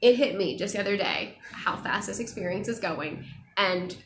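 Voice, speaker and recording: A woman's voice: mid-range voice, slight background noise. A young woman, a travel vlogger, chatting casually and animatedly while answering viewer questions on a live stream. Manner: chatty, animated, quick laughs. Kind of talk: casual chat. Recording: echoey room.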